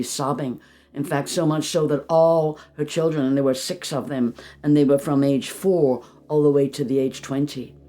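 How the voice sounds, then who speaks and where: A spiritual channeler telling a story gently, calling the listener beloved and sinking into a soft whisper. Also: medium pitch.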